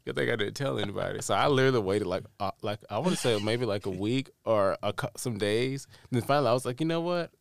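A young man co-hosting a casual chat show, telling an animated story and acting out the people in it. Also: fairly low pitch, fast talker, vocal fry, few pauses, a little hiss or hum. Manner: animated storyteller, acts out quotes, laughs often. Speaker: podcast co-host.

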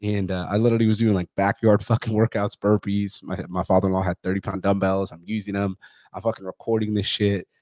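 Fast-talking, low-voiced male podcast host. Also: level tone, a little mellow, no room sound, clean studio sound. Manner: profane, rambling, says "you know" and "like" a lot. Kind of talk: casual conversation.

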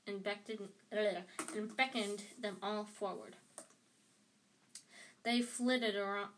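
A woman's voice: medium pitch, fairly bright tone. Woman reading a novel aloud, stumbling. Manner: stumbling, restarting phrases. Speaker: reader.

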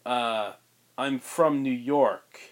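A man's voice: medium pitch, drawn-out words. Man doing a young guy, awkward, hesitant, sheepish.

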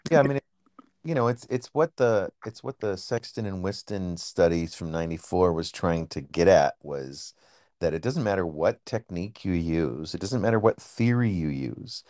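Man, very low voice, conversational host, thoughtful, explanatory. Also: expressive, moderate pace, a little mellow. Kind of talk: conversational interview.

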